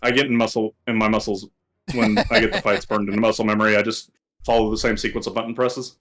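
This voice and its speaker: A man co-hosting a casual video game podcast, talking in a relaxed, rambling way with many fillers. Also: lowish voice, quick pace. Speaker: co-host. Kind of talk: casual gaming podcast chat.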